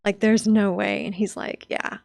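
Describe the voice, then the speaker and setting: A woman's voice: medium pitch, fairly even intonation, moderate pace, vocal fry, a little mellow. A young adult woman telling a personal story as a podcast guest, heartfelt and chatty with lots of fillers.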